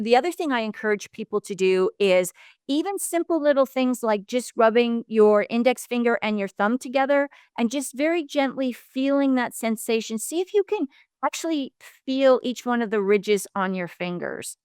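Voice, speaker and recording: A woman divorce coach giving calm, explanatory advice as a podcast guest. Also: on the high side, moderate pace, clear, resonant tone, no echo, clean studio sound. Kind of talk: podcast interview.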